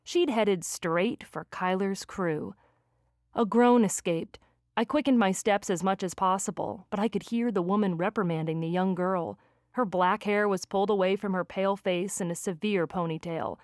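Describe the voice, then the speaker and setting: A woman reading a first-person romance audiobook with lively, expressive delivery on a close studio mic. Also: medium pitch, normal speed, dry recording. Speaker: audiobook narrator.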